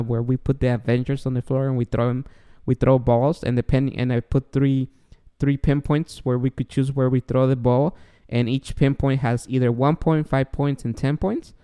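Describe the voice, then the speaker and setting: Man, podcast co-host, casual chat, smooth clear voice, lively storytelling. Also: mid-range voice, normal speed. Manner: animated storyteller, acts out his own voice.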